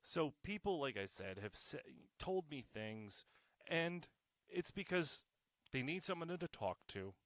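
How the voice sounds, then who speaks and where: A man's voice: fairly high pitch, sing-song, measured pace, a bit bright, dry recording, studio quality. A man hosting his own podcast alone, talking in a sarcastic, joking way with swearing and frequent self-corrections, wired on caffeine. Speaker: podcast host. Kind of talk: solo podcast monologue.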